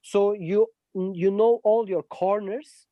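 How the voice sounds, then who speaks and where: English, halting speech, many fillers, middle pitch, dry sound. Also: fairly even intonation, dry recording, lo-fi sound. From Turkey. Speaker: guest musician. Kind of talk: casual interview chat.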